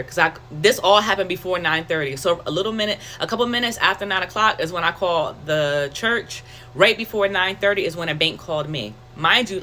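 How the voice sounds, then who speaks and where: A faith testimony comes from a woman whose voice is on the low side, recorded with a little hiss or hum. The testimony vlogger keeps it candid and conversational, animating the story with quoted self-talk.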